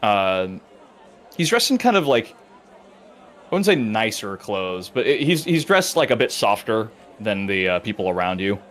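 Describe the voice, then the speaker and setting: A low-voiced man running a tabletop game as game master. He describes the scene in a loose, halting way, filling pauses with "uh" and "like" and stopping to correct himself. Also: very animated, fairly bright tone, a faint crowd. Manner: halting, full of uh and like, self-correcting.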